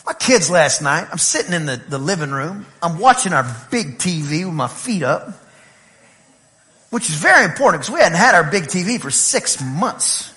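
A man from East Texas with an East Texas accent, preaching a lively sermon and telling playful stories to his congregation. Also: on the high side, normal speed. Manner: animated, playful storytelling with laughs and shouts. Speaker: pastor.

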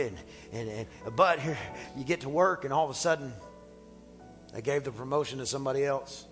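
A male pastor preaching a sermon in a church, animated and playful, acting out little dialogues as he talks. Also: on the high side, fairly quick, long reverb tail, soft background music. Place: church sanctuary.

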